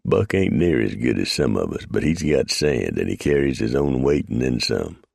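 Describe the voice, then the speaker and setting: A man voicing a grizzled, dry-humored male mountain man with an unhurried frontier drawl, read as an audiobook. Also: very deep voice, sing-song, vocal fry, a little mellow, no echo, full character voice.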